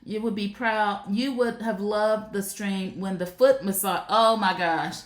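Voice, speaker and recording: A woman's voice: medium pitch, a little slow. Chatty woman stream host, roomy sound. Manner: chatty, animated, addresses viewers directly. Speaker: live shopping stream host. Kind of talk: casual live stream product chat. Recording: roomy echo.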